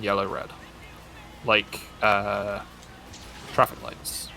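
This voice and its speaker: A man's voice: medium pitch, moderate pace, music in the background. A man streaming a game, chatting casually in a rambling, joking way and often cutting himself off mid-sentence. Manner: rambling, self-interrupting, joking. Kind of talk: casual gaming chat.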